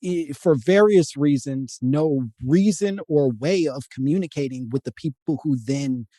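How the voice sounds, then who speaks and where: Man, podcast host, casual, joking, laughs loudly, dry close mic. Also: on the high side, measured pace, no room sound. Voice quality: loose, joking, bursts of loud laughter.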